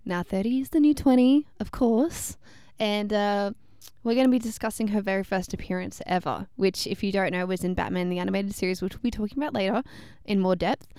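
A woman's voice: mid-range voice, brisk, warm tone, clear, resonant tone, dry recording. A woman co-hosting a casual pop-culture chat, enthusiastic and talkative, with lots of fillers. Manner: enthusiastic, chatty, many fillers. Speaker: podcast co-host.

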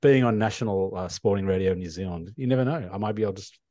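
A man's voice: on the low side, rapid-fire, warm tone, dry recording, studio quality. A man co-hosting a radio show over a video call, with a scratchy sore throat, rambling and laughing at himself. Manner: rambling, self-deprecating, laughs often. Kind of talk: casual chat.

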